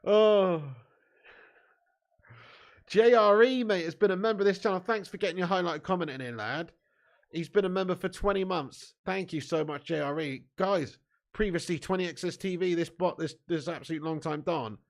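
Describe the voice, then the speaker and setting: A man with a high voice talks at normal speed. He's live-streaming a football watch-along, laughing often and bantering with viewers in a sweary, laddish way while chatting and commentating on the match.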